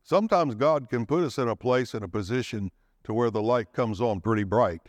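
A man preaching a sermon, swinging his pitch and pace for dramatic emphasis and calling out for the congregation's response. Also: brisk, no room sound. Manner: calls for audience response.

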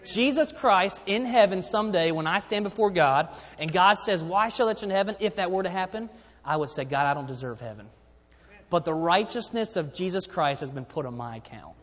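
High-voiced preacher in a reverberant hall. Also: male voice, expressive, a little fast. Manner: preaching with sudden drops to quiet emphasis. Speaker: pastor. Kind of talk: sermon.

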